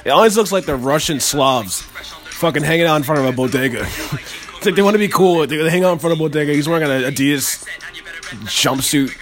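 A man's voice: a little high, fairly quick, soft background music. A young man hosting a casual podcast, rambling and joking with profanity. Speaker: podcast host.

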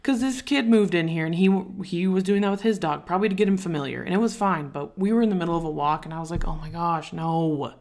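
A woman's voice: fairly low pitch, quick pace, few pauses, darkish tone. A woman co-hosting a podcast in casual chat, telling rambling stories and acting out other people's lines. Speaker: podcast co-host.

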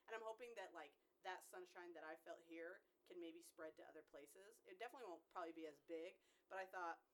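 A woman who works as a local news reporter, chatting casually and telling animated stories. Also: lowish voice, quick pace. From Utah. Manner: bubbly, animated storyteller. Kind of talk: casual chat.

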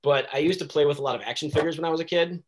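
A man chatting as a guest on a casual podcast, telling stories in an animated way with frequent laughs. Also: a little high, rapid-fire, noisy background. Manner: animated storyteller who laughs often and slips into voices.

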